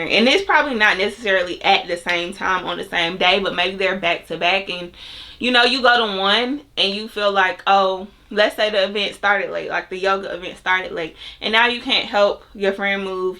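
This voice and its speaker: A young woman with a bright, forward voice, giving self-help advice to her audience. She speaks in a loose, conversational way, with plenty of fillers and asides aimed right at the viewer. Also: medium pitch, moderate pace. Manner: chatty, filler-heavy, talks straight to viewers. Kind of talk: casual advice monologue.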